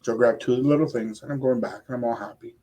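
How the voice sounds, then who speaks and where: Animated older man telling a story. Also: medium pitch, quick pace. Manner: animated, rambling anecdote with quoted asides. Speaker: radio show co-host. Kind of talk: casual storytelling chat.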